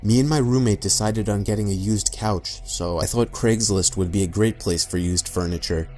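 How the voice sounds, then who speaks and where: A man narrating a scripted horror story in an even, matter-of-fact way. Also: fairly low pitch, normal speed. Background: faint background music.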